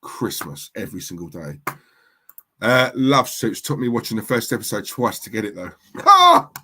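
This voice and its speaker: A man's voice: fairly low pitch, expressive, normal speed, a bit bright, a little hiss or hum. A man hosting a live stream, chatting casually and reading out viewer comments in a rambling, repetitive way. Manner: chatty, rambling, repeats himself. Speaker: livestream host.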